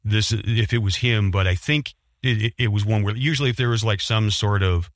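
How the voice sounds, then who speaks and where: A man co-hosting a casual chat, explaining in a measured way with frequent fillers. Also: fairly low pitch, no echo, clean studio sound. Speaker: podcast co-host.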